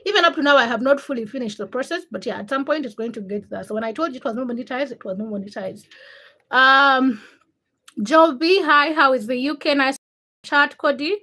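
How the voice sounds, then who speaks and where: Bright, high-voiced woman livestreamer. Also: a little fast. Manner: teasing and laughing, reads chat names aloud. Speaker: livestream host. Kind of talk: casual livestream chat, reading comments.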